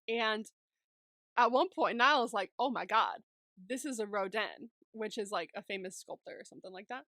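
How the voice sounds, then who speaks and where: A woman's voice: mid-range voice, sharp tone, no room sound. A woman co-hosting a podcast, recapping a movie in casual chat, laughing often and swearing freely.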